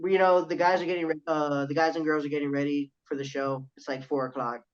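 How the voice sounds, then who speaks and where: Animated young man telling a wrestling story. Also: a little high, fast, clear, resonant tone. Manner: animated storyteller, swears freely, quotes others in his story. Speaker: guest, professional wrestler. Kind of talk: casual podcast storytelling. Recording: dull lo-fi audio.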